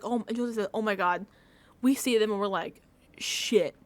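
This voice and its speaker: A woman with a slightly high voice talks through a reality show recap in a loose, conversational way. She tells stories with animated swings, and her lines are full of fillers and bursts of laughter. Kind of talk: casual recap chat.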